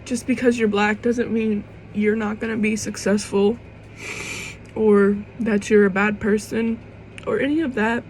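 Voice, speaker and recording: A woman's voice: mid-range voice, fairly even intonation, a little mellow, slight background noise, low-quality recording. Young woman speaking heartfelt, near tears. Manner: heartfelt, rambling, fighting back tears; casual swearing, halting restarts. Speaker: vlogger. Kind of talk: emotional personal monologue to camera.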